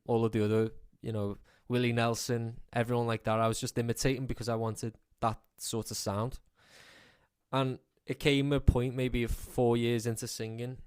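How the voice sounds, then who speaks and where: Young scouse guy rambling on in an interview, pretty flat and even, lots of um and you know. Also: medium pitch, clean tone, no echo, clean studio sound. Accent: Liverpool (Scouse). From Liverpool, England. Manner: easygoing, rambling, many fillers. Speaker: guest country singer. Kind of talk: casual radio interview.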